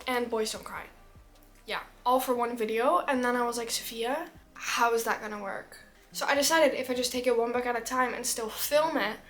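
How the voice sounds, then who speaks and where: A woman's voice: on the high side, fairly bright tone. A teenage girl chatting casually about books, rambling and full of fillers. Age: teens. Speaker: book vlogger. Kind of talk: casual chat.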